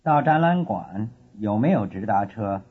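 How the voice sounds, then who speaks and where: A man's voice: on the low side, expressive, husky. A man playing a student asking the way. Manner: slow, careful drill delivery. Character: young male foreign student asking directions. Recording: dull lo-fi course tape.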